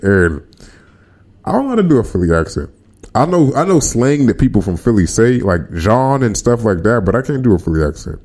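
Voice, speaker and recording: A man hosting a podcast livestream, chatting casually with his viewers in slang. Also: on the low side. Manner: animated, slangy, talks to chat. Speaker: podcast host.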